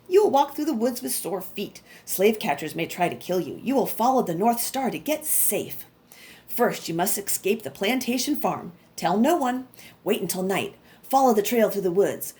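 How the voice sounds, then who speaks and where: A woman voicing a kind, steady old woman who guides children as a train conductor, speaking calmly and instructively. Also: mid-range voice, close to an everyday voice.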